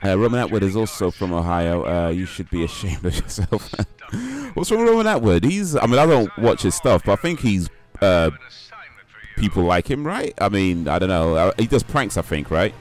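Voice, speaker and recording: A man's voice: deep voice, expressive, normal speed. A man chatting casually with viewers while streaming a game, rambling as he reacts to their messages. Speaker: livestreamer. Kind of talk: casual gaming stream chat.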